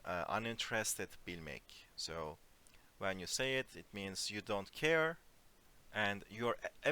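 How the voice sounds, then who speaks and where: A man teaching an online Turkish lesson in English, explaining phrases slowly and giving spoken examples. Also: lowish voice, sharp tone, clean tone. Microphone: computer mic on a voice call.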